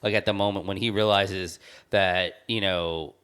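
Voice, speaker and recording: A man's voice: deep voice, steady tone, normal speed, a bit bright, clear, resonant tone. A man co-hosting a podcast, chatting casually and rambling with many restarts. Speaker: podcast co-host. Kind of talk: casual chat.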